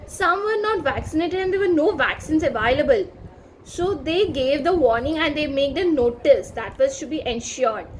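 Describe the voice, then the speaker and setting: Lady teaching vocab, high voice, slow and careful, little bit of hiss behind. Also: lively intonation, poor audio. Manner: repeats word meanings in lists, careful and deliberate. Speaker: teacher explaining an editorial. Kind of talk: slow reading and vocabulary lesson.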